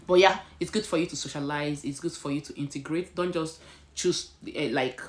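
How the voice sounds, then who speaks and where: A woman's voice: sits low, steady tone, brisk. A woman with a Nigerian accent chatting casually to camera at home, slipping in Pidgin phrases. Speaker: vlogger. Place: indoors at home.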